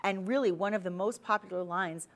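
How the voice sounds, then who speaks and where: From a TV studio, a woman with a mid-range voice and fairly quick delivery hosts a live shopping show selling jewelry. She talks to viewers directly, keeping the pitch chatty and convincing.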